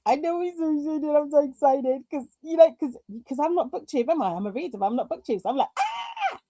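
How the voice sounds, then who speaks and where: A woman's voice: high voice, quick pace, warm tone, no room sound. A British woman hosting a live craft stream, chatting casually, reading viewer comments aloud and talking to herself through technical hiccups. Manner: chatty, reads chat aloud, talks to herself through tech glitches.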